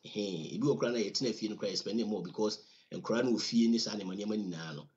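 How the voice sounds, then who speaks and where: A man's voice: fairly low pitch, racing, a little mellow. A man with a Ghanaian accent giving a conversational finance lesson, repeating words for emphasis and using many fillers. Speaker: financial educator. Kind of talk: teaching talk on personal finance. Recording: slightly dull lo-fi recording.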